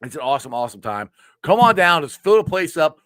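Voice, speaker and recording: A man hosting a casual football show, laughing a lot and talking loosely and excitedly. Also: fairly high pitch, quick pace, dry recording, clean studio sound. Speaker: show host. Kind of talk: casual sports show chat.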